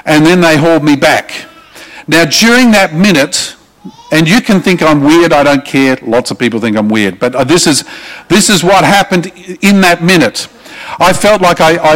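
A middle-aged Australian man delivers a sermon in a fairly high voice. He preaches with emphasis and often puts questions to his congregation. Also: moderate pace, fairly bright tone, low-quality recording. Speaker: pastor.

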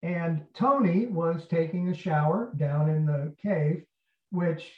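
A male actor and interview guest telling an anecdote in a lively way, acting out the people in it. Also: fairly high pitch, slow. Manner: animated, acts out quotes. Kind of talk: storytelling in an interview. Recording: roomy, distant, dull sound.

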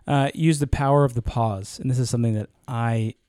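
A man co-hosting a podcast in casual chat, animated and rambling, with lots of fillers and restarts. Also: mid-range voice, brisk, smooth, dry recording, clean studio sound. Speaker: podcast co-host.

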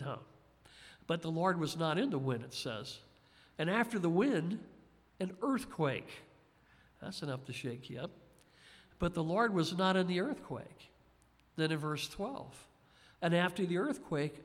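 A man's voice: on the high side, a bit bright. A man preaching a sermon in a conversational, folksy way, with frequent asides to his listeners. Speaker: pastor. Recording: long hall reverb.

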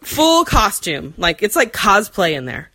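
In a casual storytelling chat, a woman in her forties rambles along unhurriedly, full of fillers and frequent laughter. Her medium-pitched voice is bright and forceful, with big swings in pitch.

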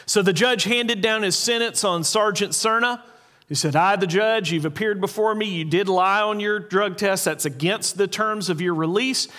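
A man with a notably high voice delivers an earnest sermon. He slows down to stress key points and repeats important lines. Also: pushed and bright. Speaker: pastor.

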